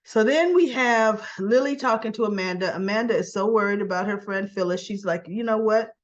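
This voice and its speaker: A woman hosting a casual soap opera recap, chatty, often clearing her throat and briefly quoting the characters. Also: medium pitch, fairly quick, highs cut off.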